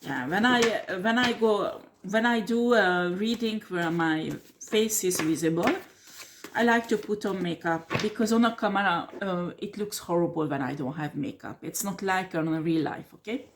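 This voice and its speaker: Background noise accompanies this lowish-voiced woman, who talks at a normal speed. Reading tarot in a to-camera monologue, she's blunt and combative, swears, laughs with scorn, and repeats "do you understand?" and "okay?"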